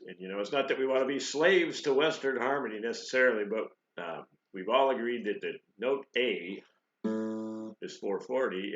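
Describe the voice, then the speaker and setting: A man giving a casual, rambling guitar lesson, joking as he talks with many fillers and restarts. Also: on the low side. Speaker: guitar teacher. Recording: echoey room, dull lo-fi sound.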